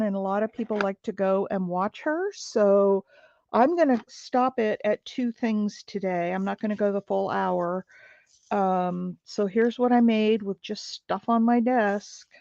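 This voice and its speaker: Working on crafts during her livestream, a middle-aged woman tells casual, rambling stories full of filler words. Her voice is gravelly, medium in pitch, darkish, and a little slow. The audio is dry and slightly dull with no room sound, suggesting a home setup.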